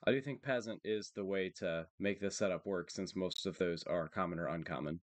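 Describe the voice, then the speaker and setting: A male streamer walks his viewers through a card game match in a monotone, matter-of-fact voice. He sits low in pitch and speaks close to a dry microphone. He thinks aloud about each play at an even, unhurried pace. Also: dry recording. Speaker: streamer and tournament player. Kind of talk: live card game commentary.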